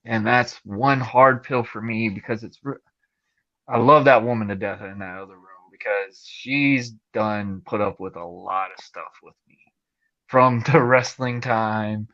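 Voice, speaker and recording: Man hosting a casual podcast; forceful bright tone, dull lo-fi recording. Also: lowish voice, measured pace, dry recording. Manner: candid, talks in loose run-on sentences. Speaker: podcast host.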